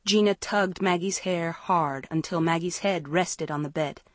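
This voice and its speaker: A woman reading a suspense novel aloud in a measured, steady narration. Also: lowish voice, dry recording. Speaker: audiobook narrator. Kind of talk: scripted narration.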